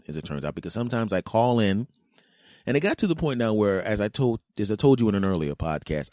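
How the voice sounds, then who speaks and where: A man's voice: deep voice, a little mellow, dry recording, clean studio sound. A man in his forties hosting a podcast, talking in a playful, rambling monologue full of jokey asides. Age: 40s. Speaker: podcast host. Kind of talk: casual comedic monologue.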